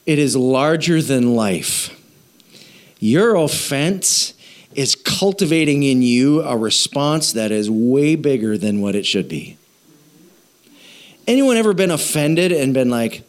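A man preaching a sermon as pastor, animated and jokey, acting out quoted voices and asking the audience questions. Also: medium pitch, unhurried.

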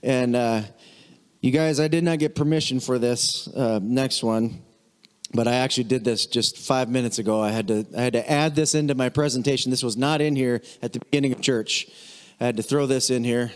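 A man preaching a casual, chatty sermon as pastor, animated and mimicking voices now and then. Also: mid-range voice, a little fast, clean tone, long reverb tail. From United States.

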